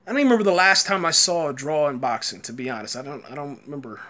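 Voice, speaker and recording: A man's voice: a little high, very fast, pushed and bright. A man giving a live, rambling reaction rant, frustrated and full of fillers like "man". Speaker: boxing commentator host.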